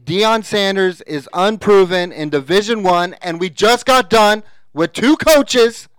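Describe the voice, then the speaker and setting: Brief: high, smooth-voiced man, stubborn and insistent in argument. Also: measured pace, fairly bright tone, dry recording, low-quality recording. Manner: insistent, pressing his point. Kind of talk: heated casual sports debate.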